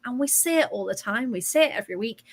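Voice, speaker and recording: A woman's voice: a little high, lively intonation, fast talker, breathy edge. Chatty woman hosting a watch-along. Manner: chatty, reads out chat messages, frequent ums. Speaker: podcast host. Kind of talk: casual chat and live match watch-along.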